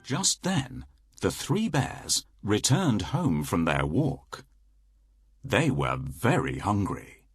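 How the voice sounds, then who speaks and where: A man narrating a children's storybook in a slow, lilting read-aloud delivery. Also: lowish voice, wildly swooping pitch, slightly rough, dry recording, soft background music.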